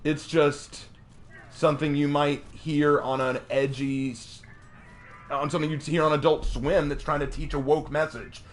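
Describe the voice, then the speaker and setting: Animated, mocking male streamer. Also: on the high side, unhurried. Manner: animated and mocking, with frequent restarts and stammered repeats. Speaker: game streamer. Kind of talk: casual ranting commentary.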